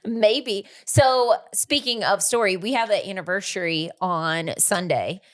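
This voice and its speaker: A woman's voice: mid-range voice, unhurried. A woman co-hosting a casual podcast, teasing and giggly as she retells what happened. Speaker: podcast co-host. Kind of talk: casual chat.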